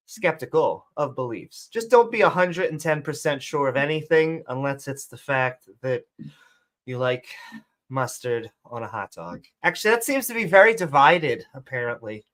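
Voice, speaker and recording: A woman hosting a live online call show, reading shout-outs to supporters and dropping sarcastic jokes in a sing-song voice. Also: low voice. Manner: joking, sarcastic asides, sing-song bursts. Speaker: show host.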